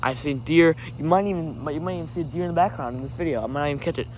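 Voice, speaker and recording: The host's voice sits on the high side and is a little mellow, racing along as he rambles and corrects himself. He's filming a casual solo podcast outside by a forest, with crickets, insects, and a little hiss or hum in the recording.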